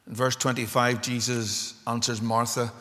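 A man's voice: mid-range voice, flat delivery, moderate pace, bright, forceful tone. Impassioned preacher man in a reverberant church. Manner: impassioned, building to emphatic climaxes. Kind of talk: sermon.

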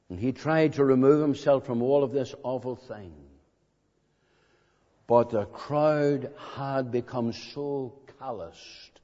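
A man preaching an evangelistic sermon in a meeting hall, slow and dramatic, pressing his listeners with emphatic questions. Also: mid-range voice, dark tone. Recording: dull lo-fi recording in a reverberant hall.

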